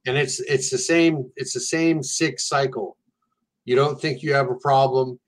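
An earnest man speaks plainly and candidly as a guest, with a mid-pitched voice and a steady, direct delivery. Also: unhurried. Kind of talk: casual conversation.

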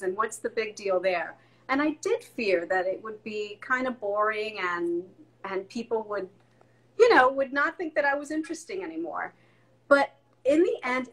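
Animated woman telling family stories. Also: mid-range voice, low-quality recording. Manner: animated storyteller, acts out family voices. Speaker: guest. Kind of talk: casual interview chat.

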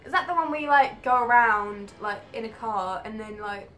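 A woman gamer giving live commentary on her own play, excitable and swearing at rival players. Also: on the high side, normal speed, faint music behind.

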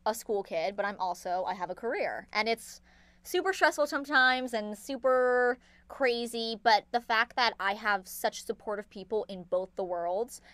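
A woman's voice: a little high, a bit bright, clear, resonant tone, no echo. A giggly teenage girl, an actress, chatting casually in an interview. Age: late teens. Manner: giggly, chatty, quick to laugh.

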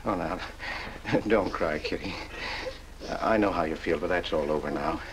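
An actor playing a meek older man in a 1940s film noir, speaking in a gentle, halting, pleading way. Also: deep voice, slight background noise, poor audio.

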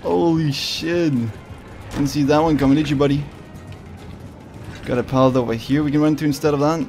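A man giving casual, excitable gameplay commentary, swearing often and talking to his opponent. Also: fairly high pitch, fast talker, soft background music. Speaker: gaming video creator.

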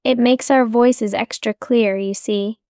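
A woman voicing an excited male forest squirrel in a storybook reading. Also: a little high, a little slow, smooth, no room sound, studio quality, close to an everyday voice. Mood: eager. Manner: excited, eager.

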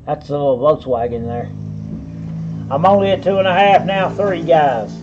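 High-voiced auctioneer man. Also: animated, moderate pace, dull audio, music in the background. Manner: repetitive bid calling, folksy asides. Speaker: auctioneer and host. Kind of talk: live online auction calling.

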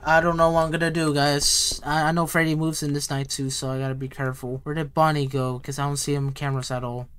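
A man's voice: fairly high pitch, little pitch movement, fast, few pauses, fairly bright tone, smooth. A young man giving rambling, slang-heavy running commentary as he plays a horror game. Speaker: gaming youtuber.

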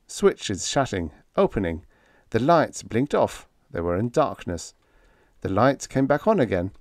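A male narrator reads a vintage science fiction story in an expressive, lively way, his pitch moving a lot between phrases. His voice sits at an ordinary middle pitch. The sound is dry and close, with no room around it. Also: no echo. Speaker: audiobook narrator. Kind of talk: scripted narration.

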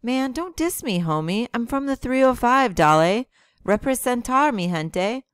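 A woman reading aloud and voicing an excitable teenage boy who talks in brash, hyped-up slang. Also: a little high, a little slow, clear, resonant tone, dry recording, clean studio sound, pitched above the performer's own voice. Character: excitable teen boy, loud, show-off joker.

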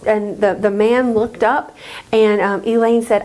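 A woman telling a story to children at church, halting with many fillers. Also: mid-range voice, flat delivery, a little mellow, rough recording.

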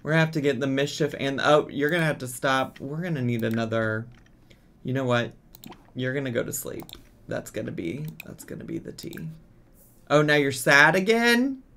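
A man's voice: mid-range voice, normal speed, sharp tone. A man giving casual let's-play commentary as a gaming streamer, exasperated and bossing his game characters around.

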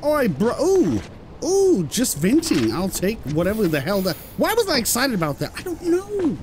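An excitable British man commenting over a video game. His voice sits high and jumps all over the place. Steady noise runs under the recording. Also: normal speed. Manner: excitable, swears when surprised. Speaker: gameplay commentator. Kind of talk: let's-play commentary.

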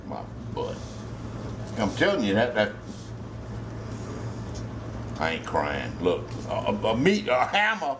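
A man's voice: low voice, sing-song, slow, long pauses, background noise. A man with a Louisiana Cajun accent hosting a home cooking video, folksy and joking, swearing freely as he works. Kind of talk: casual cooking demonstration.

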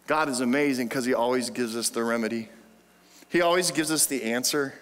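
A man's voice: mid-range voice, lively intonation, moderate pace, fairly bright tone. A man preaching a sermon as pastor, conversational and playful, asking the congregation questions. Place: church sanctuary. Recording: long hall reverb in a church.

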